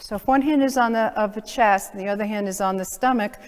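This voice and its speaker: A woman's voice: mid-range voice, fast, clean tone. Chiropractor woman lecturing in a reverberant hall. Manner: earnest, conversational, many "you know" fillers. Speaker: chiropractor giving a seminar talk. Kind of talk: seminar lecture to practitioners. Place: seminar hall.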